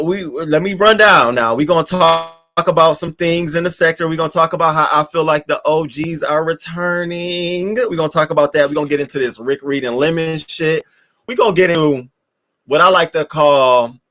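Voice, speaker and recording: A man's voice: a little high, a bit bright. Brash, profane male live-stream host. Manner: brash and profane, talking straight at the chat. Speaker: livestream host. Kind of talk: casual live-stream commentary.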